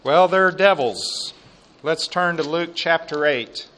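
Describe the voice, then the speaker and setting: A man preaching a sermon and reading scripture aloud, slow and emphatic, with quiet asides. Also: a little high.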